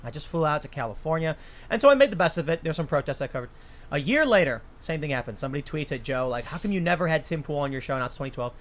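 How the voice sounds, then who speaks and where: A man's voice: fairly high pitch, expressive, rapid-fire, fairly bright tone. A young man hosting a casual chat, telling a rambling story full of restarts. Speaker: host.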